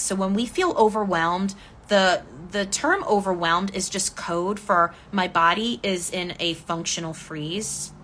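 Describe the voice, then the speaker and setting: A woman speaking as a decluttering coach in a live coaching talk, gently guiding listeners through reflection and answering their comments. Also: on the low side, a little hiss or hum. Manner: gentle, inviting, reads viewer comments aloud.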